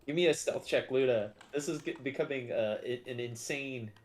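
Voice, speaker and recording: A man's voice: medium pitch, normal speed. A man running a tabletop game as game master, narrating in an easygoing, amused way.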